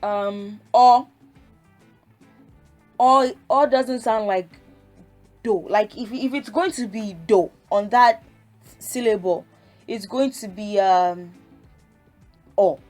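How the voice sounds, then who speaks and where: A woman's voice: medium pitch, takes it slowly, a little mellow, soft background music. A woman teaching a language lesson, patiently explaining step by step and sounding out syllables. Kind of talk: casual spoken lesson.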